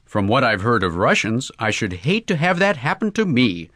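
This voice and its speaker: A man voicing an earnest, excitable young golfer in love, raising his voice a little for him. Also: medium pitch, normal speed, dry recording, clean studio sound.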